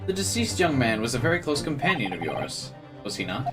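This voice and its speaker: A man voicing a calm, formal male investigator who speaks in measured, courteous sentences, over game music. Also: medium pitch, close to an everyday voice. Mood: stern.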